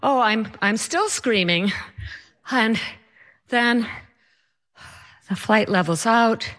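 A woman telling a personal story with animated, comic timing. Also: a little high, slow.

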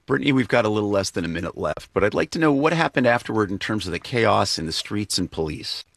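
A husky-voiced man presents radio news from a dry studio. His pitch moves a lot as he reads and questions a reporter. Soft music sits under parts of his reads. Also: big pitch swings, fast, no room sound. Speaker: news host. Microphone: studio microphone.

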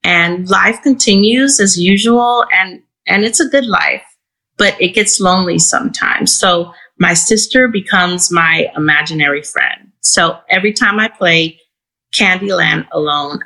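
A woman from Houston, Texas, telling a true personal story in first person, in an earnest, measured, reflective way. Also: fairly low pitch, sharp tone, low-quality recording. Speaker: storyteller and guest.

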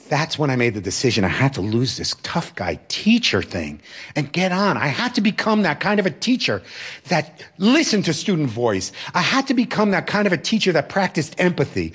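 A former teacher and religious brother tells a personal story in an animated, emphatic way, acting out the voices of the people in it. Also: male voice, on the high side. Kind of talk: storytelling talk.

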